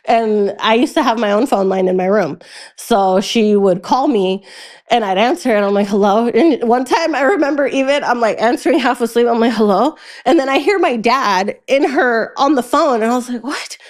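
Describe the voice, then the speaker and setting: In a casual interview, a young adult female guest with a slightly high voice tells her life story at a moderate pace. She's chatty and laughs a lot, her voice jumping up when she repeats what others said.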